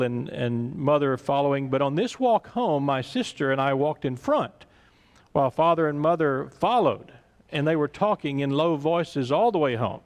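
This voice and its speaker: Preacher guy telling a story like he was there, kinda high voice, big church echo. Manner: vivid and expressive, voicing a boy recalling events. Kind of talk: dramatic first-person storytelling sermon. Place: church sanctuary. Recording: reverberant church sanctuary.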